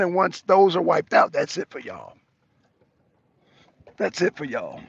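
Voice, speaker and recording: A man hosting a casual live debate, teasing and needling his guest as he hammers the same point again and again. His voice sits high and gravelly, with a husky edge. The lo-fi stream audio sounds dull and dry. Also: very animated, a little slow, pauses often, no echo. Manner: mocking, repeats himself for emphasis. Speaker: talk show host debating a guest.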